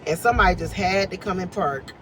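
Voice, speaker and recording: Chatty animated woman recording in her car. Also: lowish voice, fast talker, background noise. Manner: chatty and animated, swears, laughs often. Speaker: tarot reader and life coach. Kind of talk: casual chat to camera. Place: parked car.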